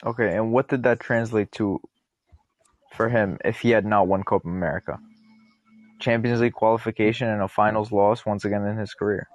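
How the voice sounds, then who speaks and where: A man's voice: on the low side, fairly even intonation, brisk, no echo, highs cut off. A man in a casual podcast debate, pushing back with pointed questions. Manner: challenging, asks pointed questions. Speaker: podcast co-host.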